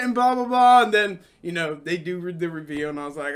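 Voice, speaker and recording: A man with a very high voice and a lively, shifting pitch, chatting casually on a podcast. He is easygoing and agreeable, with quick flares of excitement as he tells his story. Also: gravelly. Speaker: podcast co-host.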